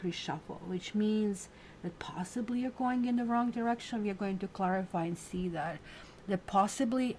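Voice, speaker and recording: A woman's voice: medium pitch, a little hiss or hum. A woman giving a casual weekly tarot reading, chatty and full of fillers, who stops to coo at her cat. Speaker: tarot reader.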